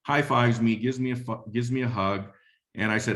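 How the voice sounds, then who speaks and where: A man's voice: medium pitch, a little fast. A middle-aged man giving a webinar talk on leadership, telling a story in a conversational way and often repeating phrases. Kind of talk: motivational talk with anecdote.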